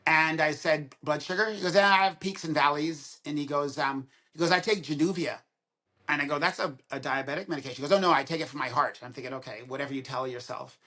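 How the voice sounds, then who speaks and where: A man's voice: fairly high pitch, quick pace. A man of around sixty, a dentist and podcast guest, telling stories in casual conversation and acting out both sides of quoted dialogue. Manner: animated storyteller who acts out both sides of quoted dialogue.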